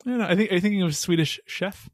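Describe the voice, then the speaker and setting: A man with a somewhat high voice hosts a casual podcast chat. He jokes and laughs often as he talks. The sound is dry and close, with no room around it. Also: racing, dry recording. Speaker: podcast host.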